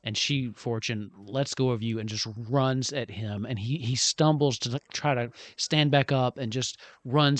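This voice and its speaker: Relaxed male game master narrating. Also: mid-range voice, no echo. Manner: relaxed, rambling descriptions with fillers.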